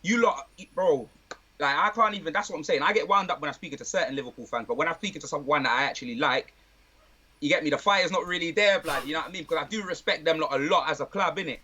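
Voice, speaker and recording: A man chatting casually about football, full of street slang and lively banter. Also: fairly high pitch, fast talker, breathy edge, highs cut off. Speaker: guest, football fan. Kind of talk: casual chat.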